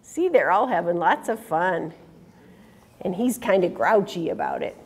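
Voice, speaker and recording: Animated sing-song storytime woman. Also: lowish voice, unhurried, husky. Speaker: children's storyteller. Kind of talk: storytime read-aloud to children.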